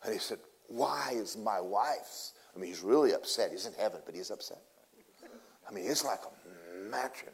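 A man preaching a sermon in a casual, folksy way, telling a story and swinging between loud bursts and hushed asides. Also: deep voice, a little fast.

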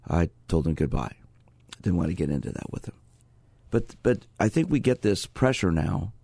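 A male sports psychologist hosts a call-in radio show from the studio, his voice very low and gravelly. He talks in a steady, conversational way, and the sound is close and dry with no room around it. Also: normal speed, no echo.

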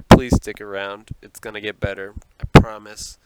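A man's voice: medium pitch, brisk, heavy background noise. A man hosting a casual solo podcast at home, a little nervous, rambling and self-deprecating with lots of swearing and laughs. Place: apartment at home. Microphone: podcast microphone.

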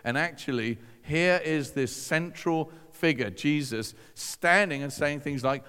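A man's voice: a little high, a little slow, fairly bright tone, clean tone. Man telling his story in an echoing hall. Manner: conversational, self-deprecating, with dry asides. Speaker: speaker giving a personal testimony. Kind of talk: storytelling talk to an audience. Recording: long reverb from a large hall.

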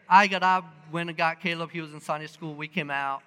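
A man's voice: a little high, brisk, clear, resonant tone, big-room sound. A man preaching a sermon, telling personal stories with lots of fillers and restarts, acting out what people said. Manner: animated, acts out quotes, many fillers and restarts.

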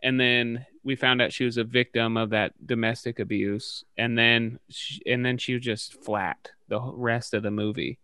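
A man's voice: mid-range voice, level tone, moderate pace, hardly any pauses, sharp tone, clear, resonant tone, no echo, studio quality. A man co-hosting a casual podcast about a film, rambling and restarting his thoughts. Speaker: podcast co-host.

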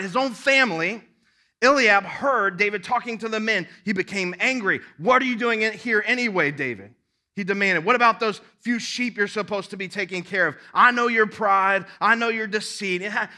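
Bright-voiced preaching man. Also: high-pitched. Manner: reads scripture and breaks off to preach to the congregation; builds to emphatic, rising exhortation. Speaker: pastor. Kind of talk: sermon.

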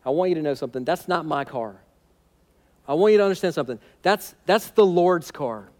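A preacher doing an earnest generous friend. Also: male voice, a little high, animated, a little fast, darkish tone, natural voice. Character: laid-back generous young man offering his car.

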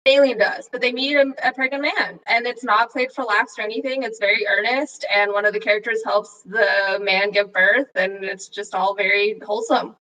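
A woman's voice: mid-range voice, fairly even intonation, moderate pace, hardly any pauses, bright, forceful tone, far from the mic, low-quality recording. A woman guest on a casual podcast chat, earnestly explaining a point.

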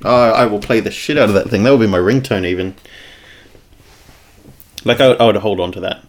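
A man's voice: on the low side, fairly quick. A man with an Australian accent co-hosting a podcast in casual, rambling, jokey banter. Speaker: podcast co-host.

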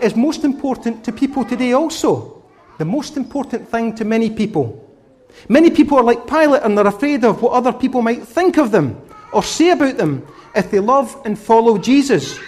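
A male preacher giving a children's sermon with a high, expressive voice. He questions and coaxes his young listeners and tells them Bible stories. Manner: animated, questioning the children directly.

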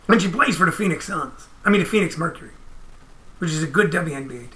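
A man hosting a casual livestream, ranting in an animated, emphatic, profane way. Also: a little high, fast. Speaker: comedian host.

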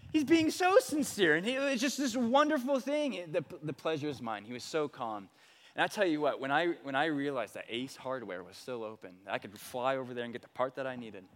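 A male pastor preaching a sermon, telling a personal story with animated delivery and sudden swings between loud and quiet. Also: a little high. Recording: long hall reverb.

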